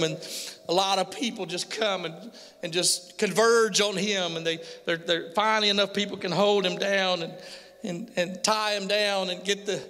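A man's voice: high voice, pushed and bright. A middle-aged father telling an emotional personal testimony to a pastor, earnestly and with frequent repetition. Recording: long hall reverb.

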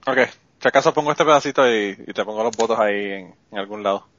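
A man hosting a podcast in a casual, brisk and chatty way, with fillers. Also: on the low side, fairly bright tone, dry recording. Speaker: podcast host. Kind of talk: casual chat. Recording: dull, dry lo-fi sound.

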